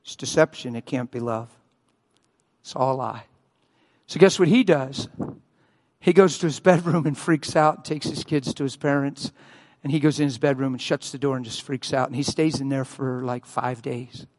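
A man preaching a sermon as a pastor, telling a story and acting out the quotes with loud cries. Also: moderate pace. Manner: acts out quotes, shouting and wailing at high peaks. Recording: long hall reverb.

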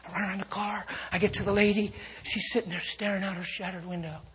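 Male preacher, rather high and very husky, storytelling sermon, hushed then fervent, in a long-reverb hall. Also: flat delivery, fast. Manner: intimate hushes rising to fervent calls. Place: church service with a congregation.

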